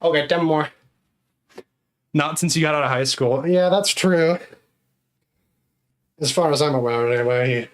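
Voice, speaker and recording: Man streamer, out of breath mid-workout, slightly high voice, unhurried delivery. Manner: chatty, counting exercise reps aloud. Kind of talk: casual live-stream chat.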